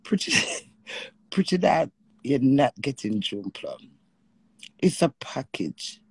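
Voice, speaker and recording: Brief: Jamaican woman, live-stream host, fiery and emotional, rough gravelly voice, dry close sound. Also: rumbling low, slow pace, no echo. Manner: animated, emotional, swears freely in patois. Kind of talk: live-stream chat with callers.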